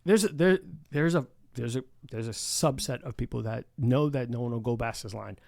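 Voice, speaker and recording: A man's voice: medium pitch, normal speed, creaky, darkish tone, no room sound, clean studio sound. A man hosting a podcast in casual chat, swearing freely, laughing often and acting out the voices of people in his stories. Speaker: podcast host.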